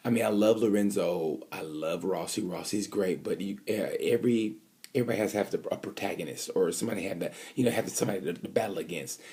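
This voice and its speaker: Low husky man rambling about racing. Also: fast talker. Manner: rambling, animated, acts out quoted voices. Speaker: motorcycle racing fan commentator. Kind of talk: casual opinion vlog.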